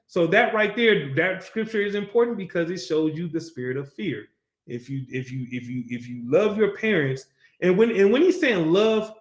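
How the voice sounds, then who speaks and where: Blunt, high-voiced male teacher in an echoey room. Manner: blunt, profane, keeps asking "you understand?". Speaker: class teacher. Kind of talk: scripture class lecture.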